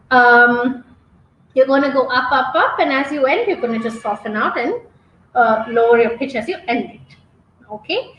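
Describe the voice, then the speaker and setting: A woman's voice: sits high, a bit bright, roomy sound, a little hiss or hum, low-quality recording. A woman exam trainer teaching an online webinar, who keeps checking in with her students by asking "okay?". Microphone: computer mic on webinar.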